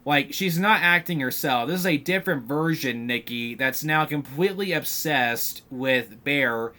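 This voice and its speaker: Bright-voiced man rambling through a film recap. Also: medium pitch, measured pace. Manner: rambling, filler-heavy storytelling, animated retelling of scenes. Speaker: podcast host.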